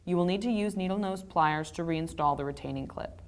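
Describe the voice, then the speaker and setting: Woman, lowish voice, scripted how-to voice-over, measured step-by-step delivery. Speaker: narrator of a repair video.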